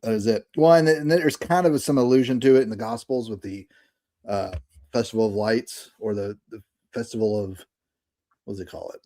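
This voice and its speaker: A man in his thirties with a fairly low voice, talking casually in a rambling way, restarting thoughts and speeding up now and then. He speaks over a remote call. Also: moderate pace, warm tone. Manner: rambling, many fillers and restarts, bursts of speed. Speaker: podcast co-host. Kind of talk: casual chat.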